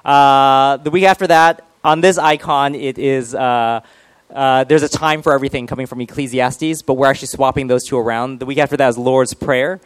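A man's voice: medium pitch, fairly even intonation, moderate pace, clear, resonant tone, no echo. A male pastor giving a casual, joking sermon and quizzing his congregation.

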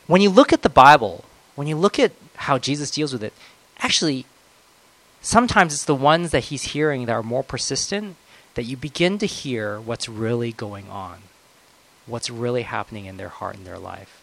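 A man preaching a conversational sermon, swinging between loud, emphatic moments and soft, reflective ones. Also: mid-range voice, animated, normal speed, creaky, low-quality recording.

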